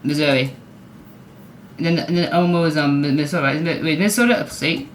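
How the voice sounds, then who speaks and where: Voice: medium pitch, quick pace, a little hiss or hum. A vlogger giving casual, rambling commentary, often unsure and apologizing. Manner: hums along to clips. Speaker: video creator ranking sports goal horns.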